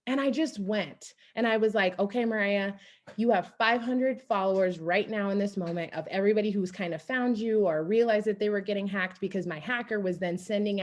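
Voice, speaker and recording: A young adult woman speaking on a team coaching call, telling her story in an energetic, animated way. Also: mid-range voice. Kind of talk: motivational team call talk.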